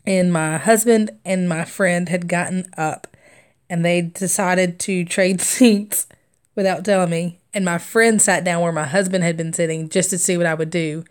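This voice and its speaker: A woman's voice: on the low side, steady tone, moderate pace, smooth. A young adult woman hosting a craft livestream, chatting casually and rambling through stories with frequent laughter and fillers. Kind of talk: casual storytelling chat while stitching.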